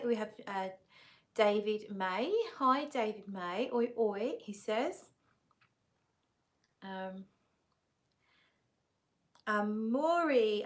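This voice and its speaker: Hosting a casual fragrance live stream, a woman greets viewers and reads their comments aloud in an easygoing, chatty way, laughing often and using plenty of fillers. Her mid-range voice has a fairly bright tone, though she sounds tired.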